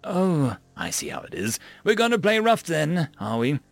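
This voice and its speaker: A man's voice: fairly high pitch, huge pitch swings, moderate pace, gravelly, dry recording, faint music behind, full character voice. A man voicing a smug, overly polite male food-dispenser machine in a story reading. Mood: prim. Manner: prim, customer-service politeness, sly. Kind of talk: story narration.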